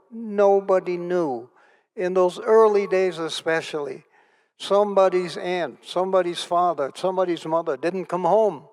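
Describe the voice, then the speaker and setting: An older man recounts his memories in a smooth, clear voice pitched a little high for a man. He speaks earnestly and vividly, circling back on key phrases to drive them home. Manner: earnest, vivid storytelling with repetition for emphasis. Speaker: Holocaust survivor, keynote speaker. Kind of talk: personal testimony in an onstage interview.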